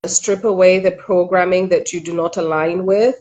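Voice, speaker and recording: A woman's voice: fairly low pitch, fairly even intonation, a little mellow, dull audio. A middle-aged woman from Kenya, a relationship coach, talking candidly and reflectively in an interview. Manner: earnest, reflective, quick asides.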